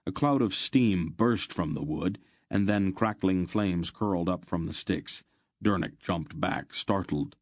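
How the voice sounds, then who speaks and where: Man, very deep voice, dry close recording, steady measured audiobook narration. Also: dry recording. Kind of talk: scripted fantasy narration.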